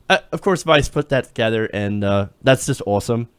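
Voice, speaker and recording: A man's voice: mid-range voice, clear, resonant tone, no echo. A man hosting a live political talk show, casual and sarcastic, reacting to clips. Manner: sarcastic, loose, laughing at clips. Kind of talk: casual live-stream commentary.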